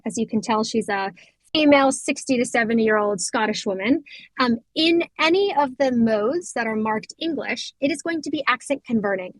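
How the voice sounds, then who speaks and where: An American woman walks through a software demo, explaining each step and correcting herself as she goes. Her voice sits a little high, and the sound is dry and close. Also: no echo, rough recording. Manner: explanatory, self-correcting, filler-heavy. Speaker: product demonstrator.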